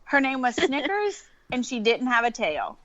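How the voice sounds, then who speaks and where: A woman's voice: sits high, huge pitch swings, normal speed, a crowd in the background. A woman, telling a story in casual chat and laughing often. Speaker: podcast guest. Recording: dull lo-fi sound.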